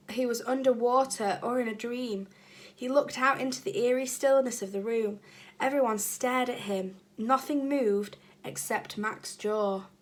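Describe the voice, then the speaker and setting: A woman, a primary school teacher, reading a children's book aloud with chatty asides to the children. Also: on the high side.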